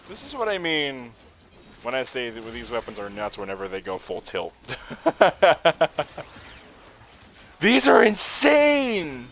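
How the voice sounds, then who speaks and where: A young man giving casual, excitable commentary while playing a video game, laughing often and swearing now and then. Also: mid-range voice, fairly quick, a little hiss or hum. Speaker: gaming streamer.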